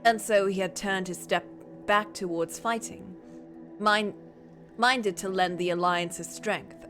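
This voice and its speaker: Chatty woman streamer reading a story. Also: fairly low pitch. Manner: chatty, playful asides between reading. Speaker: streamer reading stories aloud. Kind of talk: casual story reading on a livestream.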